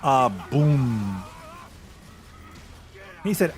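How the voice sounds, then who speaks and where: A man's voice: mid-range voice, animated, a little fast, a little hiss or hum. A man streaming a video game, chatting casually with his viewers and sharing blunt opinions. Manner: chatty and opinionated, reacting to chat. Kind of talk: casual live-stream chat.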